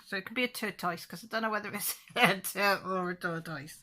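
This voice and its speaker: A woman's voice: medium pitch, steady tone, fairly quick, gravelly, few pauses, pushed and bright. A woman hosting a channel, chatting casually and chuckling to viewers as she flips through a book. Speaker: channel host.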